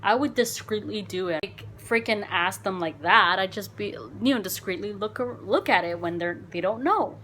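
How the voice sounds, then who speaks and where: A woman vlogger telling a dating story in a casual, animated, frank way, swearing and saying "like" a lot. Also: medium pitch, moderate pace, hardly any pauses, slight background noise.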